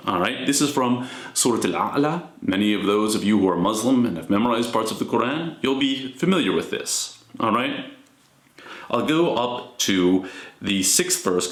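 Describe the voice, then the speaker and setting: A man giving a measured, explanatory lecture as a scholar of religion, often checking in with "all right?". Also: on the low side. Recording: echoey room.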